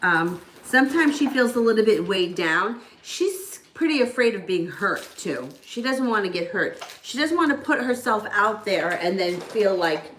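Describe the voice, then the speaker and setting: A woman's voice: medium pitch, big pitch swings, normal speed, few pauses, fairly bright tone. Chatty woman reading tarot, echoey room. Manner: chatty, talks baby talk to a child between readings. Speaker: tarot reader. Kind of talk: casual live tarot reading. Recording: echoey room with background noise.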